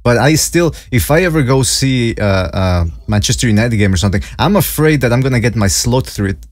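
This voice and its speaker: Хрипловатый мужчина-ведущий. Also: male voice, medium pitch, lively intonation, fairly quick, dry recording. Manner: hesitant, question-asking. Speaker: podcast host. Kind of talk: casual chat.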